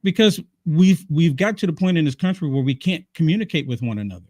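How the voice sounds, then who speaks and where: A man talking as a guest in a casual political chat, earnest and measured. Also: on the high side, animated, warm tone, no echo.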